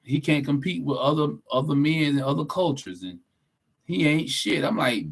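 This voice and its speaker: A man's voice: fairly high pitch, normal speed, gravelly, slightly rough. Blunt, preachy podcast co-host man. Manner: blunt, preachy, profane, emphatic. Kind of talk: casual opinionated podcast talk.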